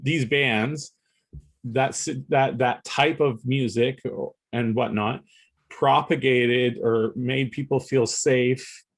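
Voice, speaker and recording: A man's voice: mid-range voice, fairly even intonation, takes it slowly. Rambling male podcast co-host. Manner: rambling, restarts often, laughs between points. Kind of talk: casual chat.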